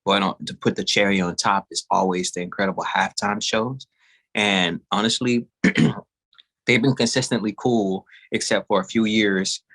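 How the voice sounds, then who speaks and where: Laid-back low-voiced man from Texas. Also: fairly even intonation, normal speed, a bit bright. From East Texas. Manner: laid-back, laughs often, trails off. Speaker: guest singer-songwriter. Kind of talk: casual interview chat.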